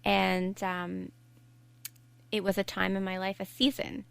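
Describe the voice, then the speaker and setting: A woman's voice: mid-range voice, little pitch movement, unhurried, vocal fry, clear, resonant tone. A young adult woman, a podcast guest, earnestly telling her own story in candid conversation, often restarting her sentences. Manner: earnest, reflective, frequent restarts. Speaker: podcast guest, life coach.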